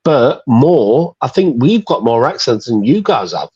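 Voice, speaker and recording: A man with a Midlands English accent talks in a casual group chat, hammering his point home and dropping curse words. His voice is breathy and husky. The sound is dry and a bit dull, as if it came through a cheap mic. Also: medium pitch, very animated, unhurried, dark tone, dry recording. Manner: emphatic, swears freely, says "mate".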